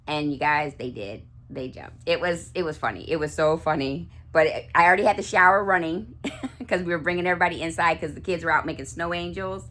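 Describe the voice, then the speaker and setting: A woman with a low-pitched voice chats to camera in a relaxed vlog. She gushes warmly about small things and wanders through fillers and false starts. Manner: chatty, gushing, many fillers and restarts. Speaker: doll collector vlogger. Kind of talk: casual chat.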